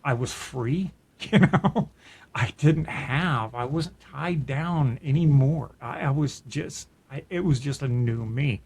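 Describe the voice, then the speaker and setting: A middle-aged man speaking at a mid pitch, neither high nor low. He talks in an earnest, reflective way and tells his personal story as casual podcast chat, often restarting a thought. His voice is plain and steady. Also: slow pace, breathy edge. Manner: earnest, reflective, with frequent restarts and soft laughs. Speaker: podcast co-host.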